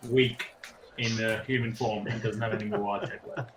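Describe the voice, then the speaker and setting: A man's voice: fairly low pitch, fairly even intonation, normal speed, noisy background. A man playing a tabletop game, earnestly describing and speaking for his character. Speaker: player. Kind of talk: tabletop role-play.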